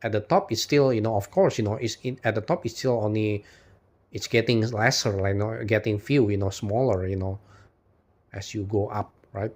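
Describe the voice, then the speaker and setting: A man's voice: fairly low pitch, normal speed. A man delivering an unscripted philosophical monologue as a video host, rambling with constant "you know"s and restarts, swearing out of frustration and laughing between points. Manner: frustrated, swears and then apologizes.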